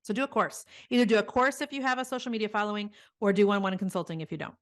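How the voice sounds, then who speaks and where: A middle-aged woman guest in an interview, telling stories in an earnest, animated way. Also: medium pitch, very fast. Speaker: guest, business coach. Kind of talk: conversational interview.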